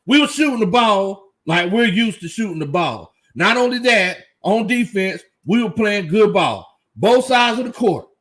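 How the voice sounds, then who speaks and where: A man hosting a casual live fan reaction stream, excited, laughing often and reading out chat comments. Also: sits high, unhurried, few pauses. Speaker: sports fan livestream host.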